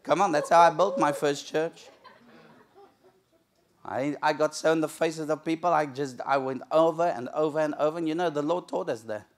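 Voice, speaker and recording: A man's voice: a little high, steady tone, moderate pace. A middle-aged man preaching a sermon in a church, telling the story with animation and acting out the characters' lines. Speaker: pastor. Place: church sanctuary.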